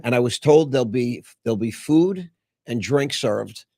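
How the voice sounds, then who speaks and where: A man with a gravelly voice tells a personal story in a casual, meandering way, often stopping on filler sounds. His pitch sits mid-range, and the recording is close and dry. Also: lively intonation, dark tone, no room sound. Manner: rambling, with many filler pauses. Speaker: show host.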